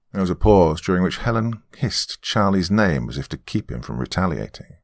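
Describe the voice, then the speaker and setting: A man narrating a horror story in a measured way. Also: low-pitched, sing-song, creaky, dry recording, clean studio sound. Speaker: host and narrator.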